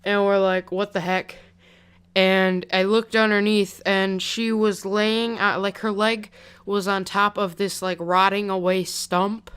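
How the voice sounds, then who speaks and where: A man's voice: high voice, level tone, a little slow, a bit bright, smooth. A young man casually telling a story on his vlog, rambling and chatty with lots of "like", into a pop-filtered desk mic. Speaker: vlogger.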